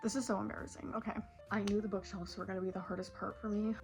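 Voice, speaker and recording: A woman's voice: medium pitch, flat delivery, quick pace, creaky, faint music behind. A woman in her late teens talking in a casual, tearful vlog, rambling with lots of "like" fillers. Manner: emotional, rambling, many "like" fillers. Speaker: vlogger. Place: bedroom at home.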